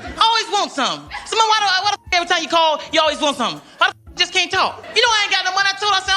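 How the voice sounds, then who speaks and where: A comedian from Georgia, telling stand-up and interview stories and jumping into high voices for the people he quotes. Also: sing-song, racing, sharp tone, in a large hall.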